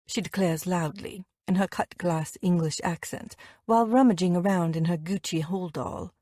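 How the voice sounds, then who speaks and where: A woman narrating a first-person romance audiobook in an intimate, expressive way, voicing the dialogue as she reads. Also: fairly low pitch, normal speed, few pauses, dry recording, studio quality.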